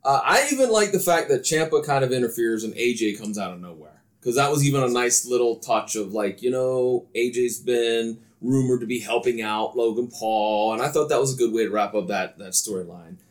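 A man's voice: medium pitch, brisk, hardly any pauses. A man hosting a casual podcast, steering the talk and asking his co-hosts for their ratings. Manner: runs the segment, asks co-hosts for ratings. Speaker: podcast host. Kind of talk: casual chat.

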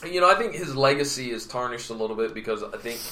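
Animated male storyteller, bright voice. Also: mid-range voice, fast talker. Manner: animated storyteller, acts out quotes. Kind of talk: casual storytelling chat.

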